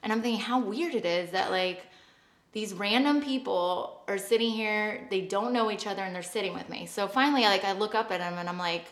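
A woman's voice: mid-range voice, fairly quick. A woman co-hosting a podcast, telling a personal story in a rambling, casual way full of fillers. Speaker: podcast co-host. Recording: echoey room.

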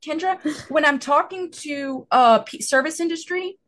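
A woman's voice: high voice, expressive, moderate pace, few pauses, a bit bright. Woman, Southern US accent, drawling, chatty, storytelling. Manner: chatty storyteller, acting out little exchanges. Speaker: podfic narrator, interview guest. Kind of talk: casual chat.

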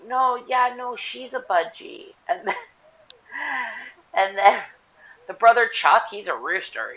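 A woman's voice: a little high, a little slow, muffled recording. Rambling, gossipy woman host. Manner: rambling and gossipy, with lively swings. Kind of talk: casual unscripted chat. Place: at home with the TV on.

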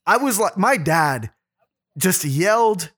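A man's voice: high-pitched, lively intonation, slow, fairly bright tone. A man co-hosting a podcast, telling rambling, profane stories in casual chat with lots of restarts. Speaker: podcast co-host.

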